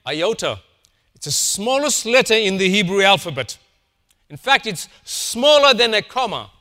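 A man preaching a sermon, dropping to quiet, slow emphasis and then rising to loud insistence. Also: sits high, big pitch swings. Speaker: pastor.

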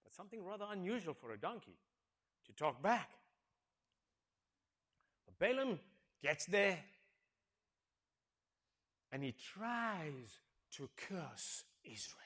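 A male preacher retelling a story in a sermon, acting out the characters and asking the congregation questions, swinging from hushed tones to loud exclamations. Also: high-pitched, very animated, takes it slowly, long pauses. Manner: dramatic, swings from hushed to shouting, acts out characters.

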